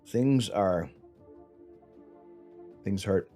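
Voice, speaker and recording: A man's voice: deep voice, extremely slow, dark tone, faint music behind. A man hosting a live stream in casual, rambling chat, his tongue and lips numb, often sighing. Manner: rambling, chatty, sighs often. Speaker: livestream host. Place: home setup during night imaging.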